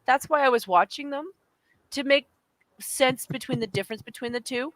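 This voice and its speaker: A woman with a fairly high voice talks frankly on a podcast, stumbling over restarts as she gathers her thoughts. Her voice is recorded dry and close, with no room sound. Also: fairly bright tone, no room sound. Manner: halting, many restarts and fillers, frank. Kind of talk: casual chat.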